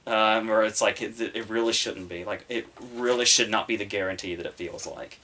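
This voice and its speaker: A man's voice: fairly low pitch, normal speed, sharp tone. A man hosting a podcast, giving casual solo commentary in a rambling, profane way full of fillers. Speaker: podcast host reviewing the Oscars.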